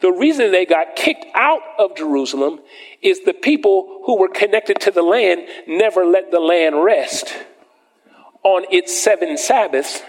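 A man preaching a sermon to a congregation, reading scripture slowly and emphatically and asking the listeners questions. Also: high-pitched, animated. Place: church sanctuary with congregation. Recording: long hall reverb.

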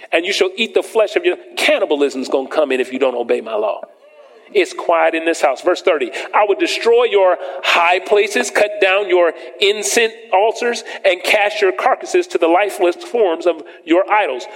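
A man preaching a sermon to a congregation, reading scripture slowly and emphatically and asking the listeners questions. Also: high-pitched, a bit bright. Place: church sanctuary with congregation. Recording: long hall reverb.

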